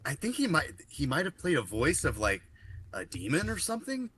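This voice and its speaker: A man's voice: on the high side, huge pitch swings, fairly quick, fairly bright tone, husky. A man co-hosting a podcast, rambling through a story with lots of fillers and casual swearing. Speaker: podcast co-host. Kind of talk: casual chat.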